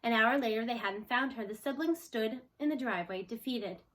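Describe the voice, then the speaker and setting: A woman reading a children's novel aloud expressively, slowing for chapter titles. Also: on the high side, fairly bright tone. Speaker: storyteller.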